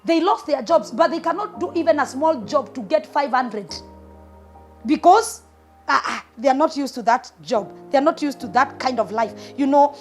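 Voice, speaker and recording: A woman preaches relationship advice with emphatic, punchy delivery and repeated short commands. Her voice sits fairly high. Faint music runs beneath her. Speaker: prophetess preacher. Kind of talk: sermon-style relationship advice.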